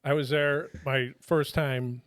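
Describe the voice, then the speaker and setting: A man's voice: medium pitch, steady tone, slow, fairly bright tone, no echo, clean studio sound. Profane middle-aged man telling stories. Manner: colloquial, profane, restarts with laughs. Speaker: podcast guest, retired federal drug agent. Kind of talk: casual storytelling chat.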